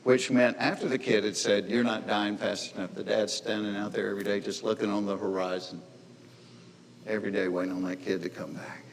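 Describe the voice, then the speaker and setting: A man's voice: lowish voice, fairly even intonation, brisk. Folksy man telling a story in a hall. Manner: folksy, conversational, acts out characters in voices. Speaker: speaker at a men's gathering. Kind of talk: storytelling talk to an audience. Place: large hall with audience. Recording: long hall reverb, faint noise.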